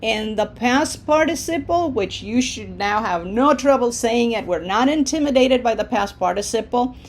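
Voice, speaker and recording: A woman teaching a language lesson, drilling verb forms slowly and clearly for the learner to repeat. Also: a little high, lively intonation. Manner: slow, deliberate, drills words for the learner to repeat. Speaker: Spanish teacher.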